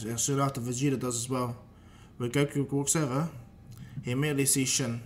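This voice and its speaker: A man's voice: mid-range voice, slight background noise. A man narrating a fan-made story in a loose, casual retelling. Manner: loose retelling with fillers and restarts.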